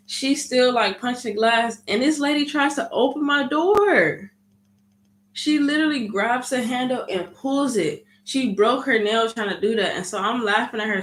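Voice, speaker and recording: A woman vlogger telling a story in a casual, animated way and acting out what people said. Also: a little high, moderate pace. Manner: animated storytelling, frequent "you know what I mean"; acts out quoted dialogue.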